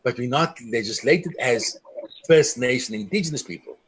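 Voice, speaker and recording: A man's voice: medium pitch, normal speed, a bit bright, breathy edge. A middle-aged man from South Africa, a community leader giving an impassioned speech, telling stories earnestly and quoting the people he met. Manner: earnest storytelling, quoting others.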